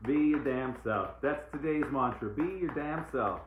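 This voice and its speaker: A man's voice: medium pitch, a little slow, a little hiss or hum. A man giving a casual, playful live-stream oracle card reading, repeating uplifting phrases like mantras. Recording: echoey room, tinny phone-like sound.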